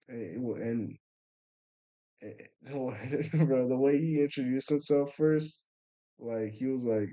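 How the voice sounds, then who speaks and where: A tired young man telling a personal story in a casual, halting way, full of restarts and fillers. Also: mid-range voice, dark tone, low-quality recording. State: tired late at night. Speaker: vlogger.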